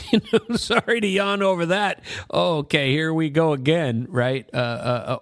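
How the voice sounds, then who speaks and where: A man's voice: medium pitch, lively intonation, moderate pace, hardly any pauses, no echo, studio quality. A man hosting casual political commentary, rambling with sarcastic asides. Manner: rambling, many fillers and restarts, sarcastic asides. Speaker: host.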